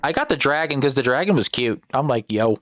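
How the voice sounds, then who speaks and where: A woman's voice: extremely low pitch, lively intonation, quick pace, faint music behind. A woman co-hosting a let's-play, chatting casually and hesitantly with many filler sounds. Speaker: co-host.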